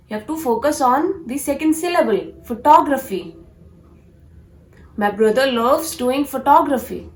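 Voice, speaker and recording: A woman teaching pronunciation, repeating each word slowly and deliberately for practice. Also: high-pitched, reverberant, low-quality recording. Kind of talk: pronunciation lesson.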